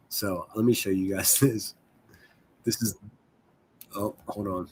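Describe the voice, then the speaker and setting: Husky, profane livestreaming man. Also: fairly low pitch, steady tone, unhurried, pauses often, a little mellow. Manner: profane, rambling, self-deprecating. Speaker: livestream host. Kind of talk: casual livestream chat.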